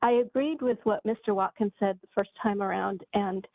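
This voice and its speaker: A woman giving an angry, impassioned public comment with halting phrasing, heard over a call. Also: medium pitch, gravelly, no echo. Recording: phone-like dry call audio.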